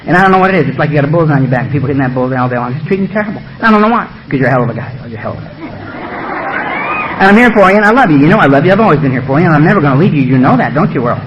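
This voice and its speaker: A man voicing his addiction as a sly, coaxing male beast that speaks in a low, hushed, falsely loving voice. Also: animated, fast, muffled recording, background noise. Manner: soothing, persuasive, falsely affectionate.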